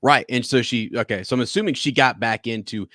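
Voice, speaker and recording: This man co-hosts a podcast and chats loosely about a TV episode, rambling with frequent restarts. His medium-pitched voice is brisk, bright and forceful. The sound is dry and of studio quality.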